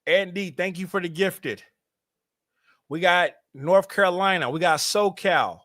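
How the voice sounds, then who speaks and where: A young man hosting a sports fan livestream, animated and hyped, talking straight to his chat. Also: sits high, a little slow, no room sound, studio quality. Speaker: fan show host.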